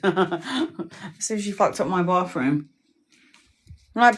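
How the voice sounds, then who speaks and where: A woman's voice: mid-range voice, slow, pauses often, a bit bright. Swearing, laughing British woman. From United Kingdom. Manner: swears a lot, laughs often, acts out quoted lines. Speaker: tarot livestreamer. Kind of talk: casual rant to viewers.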